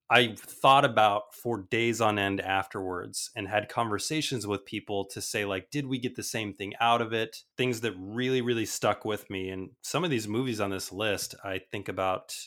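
Male podcast co-host, low-ish voice, easygoing movie talk. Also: normal speed. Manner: relaxed, conversational, leads the segment. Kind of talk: casual movie chat.

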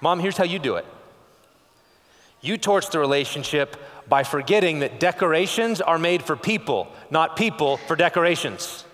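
A pastor from West Texas preaching a sermon in a conversational way, firing off rhetorical questions and checking in with "okay?". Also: male voice, a little high, animated, normal speed, a bit bright, in a large hall.

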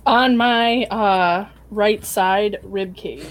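A woman's voice: mid-range voice, extremely slow. A woman playing a tabletop game, chatting casually and laughing between remarks. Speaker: player. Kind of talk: casual chat.

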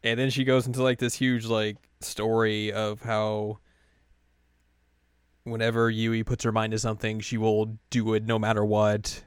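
A man's voice: fairly low pitch, completely flat delivery, a little slow, clean tone, no echo, clean studio sound. A man chatting casually as a podcast co-host, retelling a story animatedly and raising his voice for the characters he quotes. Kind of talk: casual chat recapping an anime.

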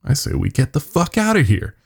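A man voicing a blunt, gruff male factory worker who speaks coarsely and plainly, over soft music. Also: mid-range voice, big pitch swings, a little fast, voice pushed up, heavily acted.

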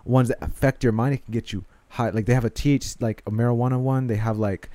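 A young man in casual chat, telling a rambling, excitable story. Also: mid-range voice, fast talker, dry recording.

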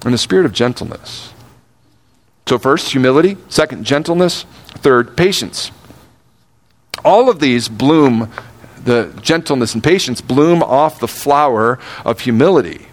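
An older man preaching a sermon, earnest, slowing down to stress key words and speeding up for asides. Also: mid-range voice, expressive. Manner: earnest, shifts between slow emphatic phrasing and quick asides. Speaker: pastor.

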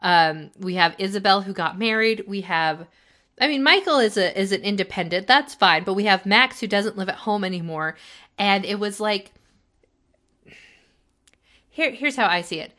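A woman with a bright, forceful voice chats casually as a co-host. She often restarts her sentences and slips into quoted lines of dialogue. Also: mid-range voice, normal speed. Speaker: podcast co-host. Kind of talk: casual chat recapping a TV show.

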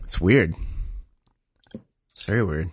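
A man's voice: sits low, slow pace, slightly rough, dry recording, studio quality. A man co-hosting a podcast, chatting casually and reacting to his friend's story with short replies and laughs. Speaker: podcast co-host. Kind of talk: casual chat.

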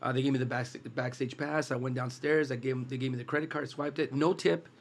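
A man's voice: mid-range voice, fairly even intonation, fast. A man chatting casually about his taco business. He tells stories and keeps restarting his sentences, with a medium voice. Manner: storytelling, restarts often. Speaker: taco business owner guest. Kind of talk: casual chat.

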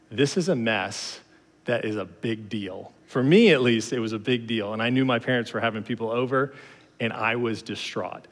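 A man's voice: mid-range voice, fairly bright tone. Man preaching in a reverberant hall. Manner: casual, conversational storytelling with frequent fillers. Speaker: pastor. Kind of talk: sermon.

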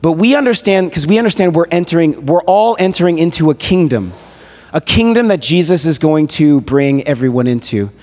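A man's voice: a little high, a little fast. Man preaching a story in an echoey hall. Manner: conversational, animated retelling with casual fillers. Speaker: guest preacher. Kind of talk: storytelling sermon. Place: church hall.

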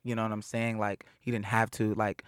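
A young adult man talks in a relaxed, slang-heavy interview voice, recorded close and dry with little room sound. He tells stories with energy and jumps into other people's voices as he goes. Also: fairly low pitch, a little fast, clean tone, no room sound. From Seattle area. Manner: animated storyteller who acts out quoted voices, heavy slang and profanity. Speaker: rapper, interview guest. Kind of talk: casual interview chat.

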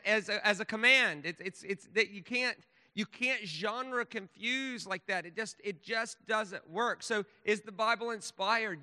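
A man with a high, ringing voice preaches a sermon. He is emphatic and restarts his phrases often. His voice carries a long reverb from a church sanctuary. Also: sharp tone. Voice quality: emphatic, with lots of stammered restarts.

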